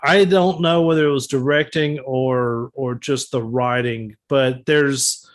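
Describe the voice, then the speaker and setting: A man's voice: medium pitch, fairly even intonation, takes it slowly. A man with an average voice gives his opinion on a film during a casual podcast chat. He talks thoughtfully and weighs each point before he makes it. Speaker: podcast co-host.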